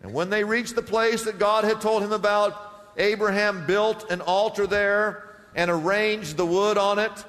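High-voiced animated preacher man. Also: a little slow, in a large hall. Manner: animated preacher, acting out Bible scenes and reading scripture. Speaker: pastor. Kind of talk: sermon.

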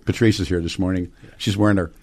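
A man hosts a talk radio show in a loose, jokey way, laughing easily between lines. His voice sits on the low side, close on a studio microphone. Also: steady tone, quick pace, creaky, a little mellow. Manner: chatty, laughs often, jokey. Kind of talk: casual radio chat with callers and guests.

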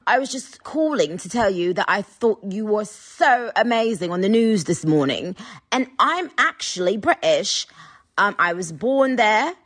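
A woman's voice: mid-range voice, lively intonation, a little slow, fairly bright tone. A woman putting on a boastful female pop star who fakes a posh British accent in a comic impression message. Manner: bragging, exaggerated posh delivery.

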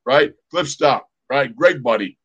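A man's voice: medium pitch, unhurried, husky, muffled recording. A man in his sixties, a former football player co-hosting a podcast, telling a story with energy and acting out sounds and voices. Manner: lively, acts out sounds and quotes. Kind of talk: animated storytelling.

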